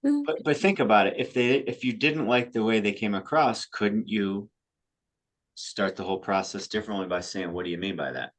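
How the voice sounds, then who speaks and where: A man who coaches high school softball, co-hosting a casual podcast chat, often restarting his sentences. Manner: halting, repeats words when starting sentences.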